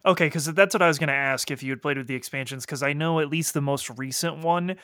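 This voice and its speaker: A man with a fairly high, bright voice chats about games in quick bursts. He uses lots of fillers and restarts. The recording is dry and close. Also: no room sound. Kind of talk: casual chat.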